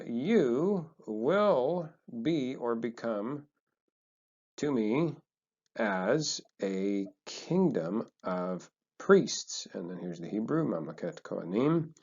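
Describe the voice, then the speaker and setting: Guy with a lowish voice explaining stuff casually, kinda thinking out loud, dull muffled audio. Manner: relaxed, chatty, thinks aloud with fillers. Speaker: teacher.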